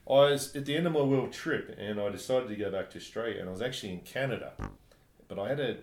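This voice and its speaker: A man from New Zealand telling travel stories in casual chat, animated and laughing often. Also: on the low side, fast. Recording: echoey room, faint background noise.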